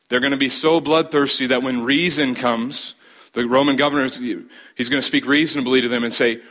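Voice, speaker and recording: A man preaching a sermon as a pastor, building emphasis with dramatic pauses and repeated phrases. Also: medium pitch, fairly bright tone.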